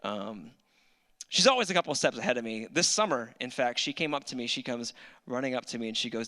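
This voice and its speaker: Man, 30s, stand-up comic; bright, forward voice, dry self-deprecating delivery, live club mic. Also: mid-range voice, lively intonation, fast talker. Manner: dry, self-mocking storyteller. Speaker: stand-up comedian. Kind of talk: stand-up set. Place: comedy club stage.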